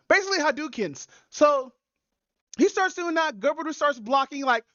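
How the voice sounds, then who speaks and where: High-pitched woman host, loose profane storyteller, recorded dry and dull. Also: sing-song, moderate pace, fairly bright tone, no room sound. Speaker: podcast host. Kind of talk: casual chat.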